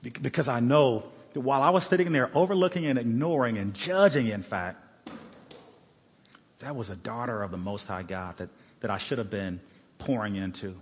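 A man shares a personal testimony from the pulpit, speaking earnestly and haltingly, often restarting his sentences. His voice is husky. It carries a long reverb from the church sanctuary. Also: medium pitch. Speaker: former police officer giving a sermon testimony.

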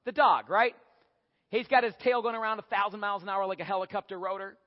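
A man delivers a sermon with animated, humorous storytelling. His voice sits high for a man. The recording is dull and lo-fi, with a long hall reverb. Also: fast talker. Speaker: preacher. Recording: echoey hall, dull lo-fi sound.

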